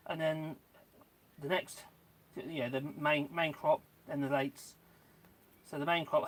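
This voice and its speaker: A slightly high male voice, with a bit of hiss or hum in the audio, belongs to a channel host streaming live from his garden. He kneels in the mud, rambling casually and turning now and then to his dogs and viewers, filmed outdoors on a phone on a tripod.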